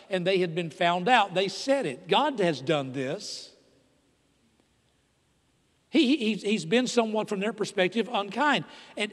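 A middle-aged man preaches from the pulpit, dropping into hushed, intimate asides and then rising into loud, emphatic declarations. His voice sits high for a man. The sound carries the long reverb of a church sanctuary. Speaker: pastor. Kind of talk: sermon.

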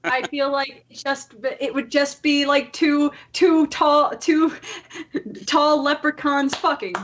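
High-voiced giggly woman podcaster. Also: fairly even intonation, highs cut off. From Ireland. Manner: giggly, chatty, quick asides. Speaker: podcast co-host. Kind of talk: casual podcast chat.

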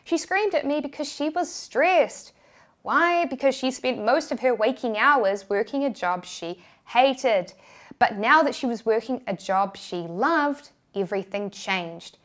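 A woman's voice: on the high side, animated, unhurried, a bit bright. A young woman with a New Zealand accent narrating a personal story with candid, self-deprecating humor.

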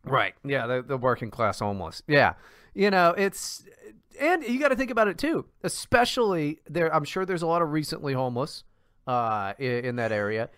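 Male podcast co-host, exasperated profane ranter, animated, dry sound. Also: fairly high pitch, moderate pace, clean tone, no room sound. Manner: profane, exasperated ranting with restarts. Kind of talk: casual chat.

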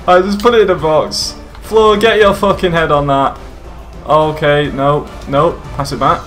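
A young man casually commentating his own football video game, excitable, swearing and shouting at the game. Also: on the high side, normal speed, soft background music. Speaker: gaming YouTuber.

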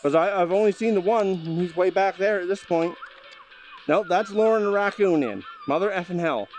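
A man's voice: sits high, moderate pace, darkish tone, poor audio. A man commentating his VR gameplay, exasperated and ranting at the game with mild swearing. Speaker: gameplay host. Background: game music.

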